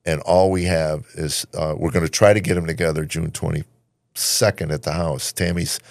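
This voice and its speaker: A man nearing seventy who hosts a podcast, speaking reflectively and haltingly. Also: a bass voice, steady tone, gravelly, no room sound, studio quality. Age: 60s. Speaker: podcast host. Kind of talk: casual podcast chat.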